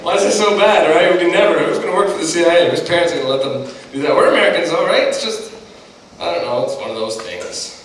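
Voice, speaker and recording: A young man doing a stand-up comedy set, chatty and animated, talking straight to the crowd. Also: on the high side, fast talker, a little hiss or hum. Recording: echoey hall from a distant mic.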